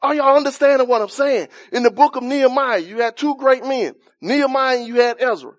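A man preaching an impassioned sermon in informal church speech, swinging from loud shouts down to quiet, soft lines. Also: extremely high pitch, fairly quick. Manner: impassioned, rising to shouts then dropping soft.

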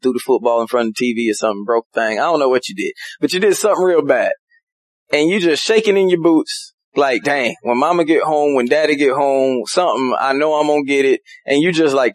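A man preaching casually as a pastor, telling folksy stories with lively, animated delivery. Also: medium pitch, dry recording, rough recording. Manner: animated, folksy storytelling with laughs.

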